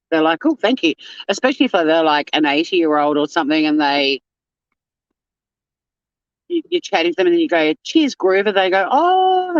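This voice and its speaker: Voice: medium pitch, dry recording. A livestream host, chatting casually with viewers and reading chat, swearing freely and laughing often. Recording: dull lo-fi dry sound.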